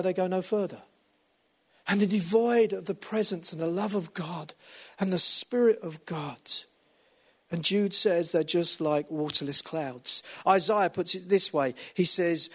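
A man preaching a sermon, walking about as he talks, swinging between loud emphatic highs and low hushed lines. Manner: walks about while preaching. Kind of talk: lively sermon.

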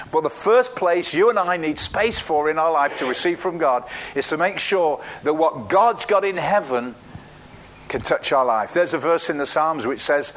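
Man preaching a lively sermon. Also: fairly high pitch. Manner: animated storytelling with acted quotes, halting restarts.

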